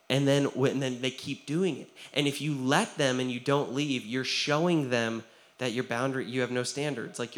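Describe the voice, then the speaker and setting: A young man preaching a sermon as pastor, conversational and earnest, often checking in with "right?" and acting out quoted voices. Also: mid-range voice. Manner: acts out quoted voices, drops to a quiet tone for serious stories.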